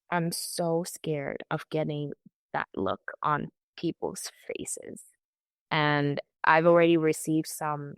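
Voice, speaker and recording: Low-voiced woman sharing a hard story. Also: a bit bright, clean tone, no echo. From California. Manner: halting, emotional, many restarts and quoted asides. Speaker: interview guest. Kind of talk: candid personal account.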